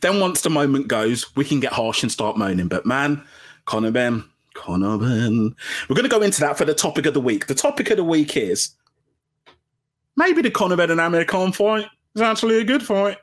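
A man hosting a casual solo boxing podcast, chatty and self-mocking. He drops into low mumbles and then jumps up into loud, high bursts. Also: big pitch swings, fairly quick. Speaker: podcast host. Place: at home, sitting under a blanket. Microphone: home podcast mic.

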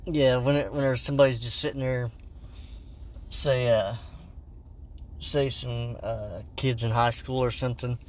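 A man co-hosting a podcast, chatting casually and joking around, sometimes breaking into loud goofy voices. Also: medium pitch, fairly even intonation, unhurried, long pauses, slight background noise. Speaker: podcast co-host.

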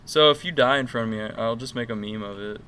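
A man's voice: medium pitch, quick pace, pushed and bright, a little hiss or hum. A young man co-hosting a podcast, rambling through crude, joking stories with lots of fillers. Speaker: podcast co-host. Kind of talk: casual chat.

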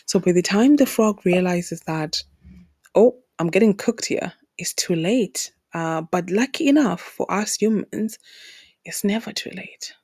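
A woman's voice: lowish voice, lively intonation, unhurried, darkish tone, breathy edge, no echo, studio quality. A woman from Zimbabwe hosting a solo podcast, talking earnestly and repeating words for emphasis. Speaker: podcast host. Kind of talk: heartfelt solo podcast talk.

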